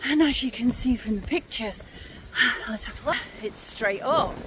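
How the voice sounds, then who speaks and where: Woman, forties, out of breath, chatty, slightly high voice, wind buffeting a phone mic. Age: 40s. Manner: chatty and candid, pausing to sigh and catch breath. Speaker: vlogger. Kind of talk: casual talk to camera while walking. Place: outdoors on a windy hillside. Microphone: handheld phone.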